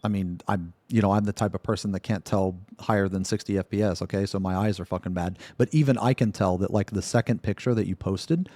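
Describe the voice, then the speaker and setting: Brief: American male interviewer, low, dry, swears a lot, reacts loudly. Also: fairly quick, few pauses, dry recording. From United States. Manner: profane, excitable, swears often. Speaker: interviewer, host. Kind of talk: casual video-call interview.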